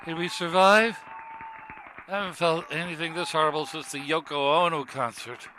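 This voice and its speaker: A man's voice: a little high, fairly even intonation, normal speed, sharp tone, some chatter behind, slight background noise, rough recording. A man voicing a brash, wisecracking viking who hosts a cartoon fight show. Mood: showy. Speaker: host.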